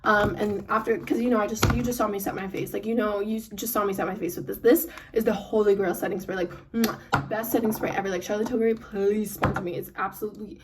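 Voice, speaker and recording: A young woman chatting as she does her makeup for a vlog, talking fast and rambling with lots of fillers, recorded on a phone. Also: mid-range voice, fairly even intonation. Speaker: beauty vlogger. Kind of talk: get-ready-with-me chat. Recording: phone mic from a distance, some noise.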